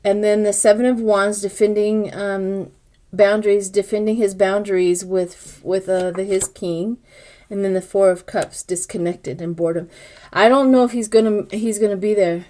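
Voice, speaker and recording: A woman's voice: medium pitch, steady tone, moderate pace, warm tone. Older woman musing through a tarot reading. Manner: musing aloud as she interprets each card; chatty, speaks directly to viewers. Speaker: tarot reader. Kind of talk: casual tarot reading to camera.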